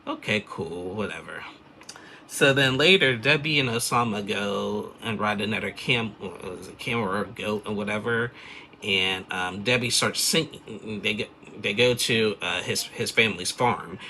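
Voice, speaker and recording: Gravelly deep-voiced man rambling a recap. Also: sharp tone, slight background noise. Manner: rambling, chatty, loose filler-heavy storytelling. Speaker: reality TV recap host. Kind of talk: casual recap chat.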